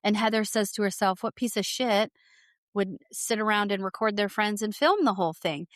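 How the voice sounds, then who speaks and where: A woman's voice: mid-range voice, moderate pace, dry recording, studio quality. A woman co-hosting a podcast, speaking bluntly in a casual chat about reality TV and swearing freely. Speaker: podcast co-host.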